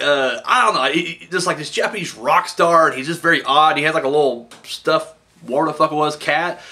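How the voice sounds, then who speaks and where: A man's voice: medium pitch, sharp tone. A man casually reviewing a wrestling show, rambling and swearing, with lots of fillers and "dude.".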